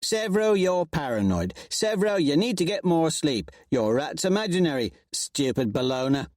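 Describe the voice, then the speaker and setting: A man's voice: a little high, very animated, moderate pace, a little mellow, dry recording, studio quality, pitched above the performer's own voice. A man playing a surly, paranoid soldier. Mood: grumbling.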